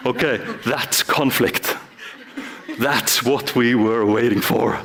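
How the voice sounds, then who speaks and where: Man on stage leading an audience exercise, playful, middle pitch. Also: steady tone, slow pace, gravelly, fairly bright tone. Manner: playful, acts out short scenes with the audience. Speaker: speaker. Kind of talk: live stage talk with audience volunteers. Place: stage in front of a live audience.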